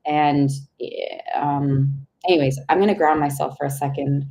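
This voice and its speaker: A young woman giving a live intuitive tarot reading, rambling and searching for words, with sudden excited outbursts and casual swearing. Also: sits low, measured pace, low-quality recording. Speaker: tarot reader.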